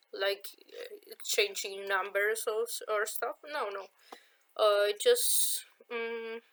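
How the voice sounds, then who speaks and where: A woman's voice: mid-range voice, fairly bright tone, low-quality recording. A woman from Chile with a Chilean Spanish accent, chatting casually and hesitantly as she answers viewer questions in her vlog. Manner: unhurried, hesitant, many fillers. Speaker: vlogger.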